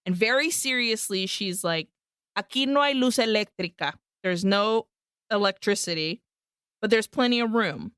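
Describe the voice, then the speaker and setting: Podcast co-host, woman, smooth, dry close-mic sound, casual bilingual plot recap. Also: medium pitch, expressive, moderate pace, a bit bright, no room sound. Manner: recaps the plot, switching between English and Spanish, swears freely. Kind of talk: casual film-recap chat.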